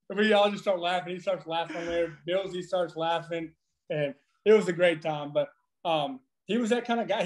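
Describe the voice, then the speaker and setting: A man in his thirties, a former pitcher guest on a podcast, telling profane, animated stories with frequent laughing. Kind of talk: casual storytelling.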